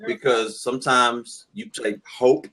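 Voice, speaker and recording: A man with a bright, forceful voice chats easily as a guest. He tells jokey stories and stumbles over his opening words. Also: medium pitch, steady tone, slow. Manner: joking storyteller, repeats words when starting. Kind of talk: casual chat.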